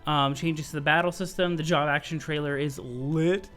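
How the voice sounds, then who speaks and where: A man giving casual, excitable commentary on game news, chatty and full of slang and quick restarts. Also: a little high, faint music behind. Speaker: gaming video creator.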